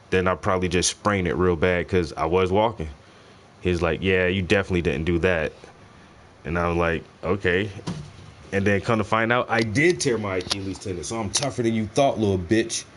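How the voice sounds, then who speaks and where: A man telling a story in casual, profane slang while he paints, his delivery animated and loose. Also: low-pitched. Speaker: painting stream host.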